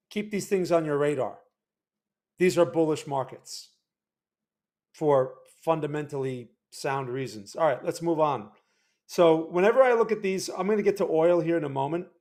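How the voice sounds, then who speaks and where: A man's voice: on the high side, darkish tone. A man from New Jersey with a New Jersey accent, hosting a casual market-analysis livestream in a loose, conversational way, with many restarts and "right?" check-ins. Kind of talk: casual livestream chart commentary.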